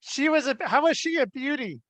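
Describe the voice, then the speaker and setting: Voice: high voice, lively intonation, brisk, fairly bright tone, no echo. A podcast co-host reacting in casual chat with short, incredulous, profane questions.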